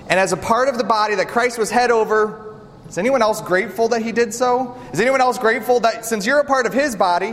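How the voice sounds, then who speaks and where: Male pastor, high-pitched, animated sermon, roomy hall sound. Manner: animated, rhetorical questions to the congregation. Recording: reverberant hall with faint ambience.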